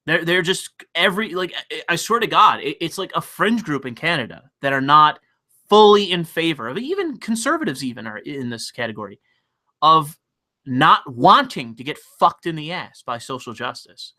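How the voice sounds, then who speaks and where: A man hosting a livestream, ranting profanely and excitably while reading chat donations aloud. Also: fairly high pitch, moderate pace. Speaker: livestream host. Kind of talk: casual livestream rant.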